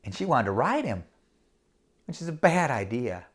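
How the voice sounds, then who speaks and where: A woman's voice: very deep voice, normal speed, husky. A woman telling a children's story at home to camera, speaking to the kids directly and acting out the action. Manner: lively, addresses kids directly, acts out the action. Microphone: camera mic.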